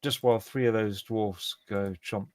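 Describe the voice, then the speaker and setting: A man in his twenties or thirties, running a tabletop game online as dungeon master, talking in a relaxed, chatty way with many fillers. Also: fairly low pitch, moderate pace, no room sound.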